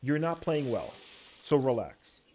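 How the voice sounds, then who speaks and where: A young adult man, a streamer, telling animated, slangy stories in casual chat. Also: mid-range voice, measured pace.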